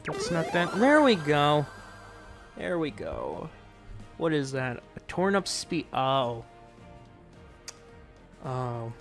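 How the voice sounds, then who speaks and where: A man's voice: a little high, huge pitch swings, slow pace, pauses often, soft background music. A man playing a puzzle game and giving casual, muttered commentary. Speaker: let's play gamer.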